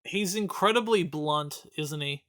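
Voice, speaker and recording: A man's voice: fairly high pitch, unhurried, a bit bright. A man in his twenties co-hosting a podcast, chatting casually in a sarcastic, mock-earnest way. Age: 20s. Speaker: podcast co-host. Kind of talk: casual chat, film review.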